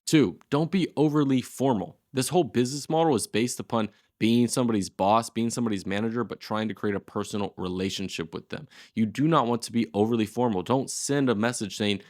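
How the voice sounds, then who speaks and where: A man's voice: fairly low pitch, no echo, clean studio sound. A man in his twenties teaching a casual tutorial, talking in a loose, slangy and blunt way. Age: 20s. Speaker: course host.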